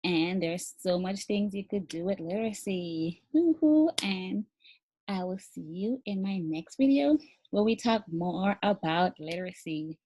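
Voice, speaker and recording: A woman's voice: lowish voice, unhurried, darkish tone. A woman teacher giving an instructional video lesson for parents. She speaks encouragingly to them and models each activity step by step, spelling words out letter by letter. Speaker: early literacy teacher.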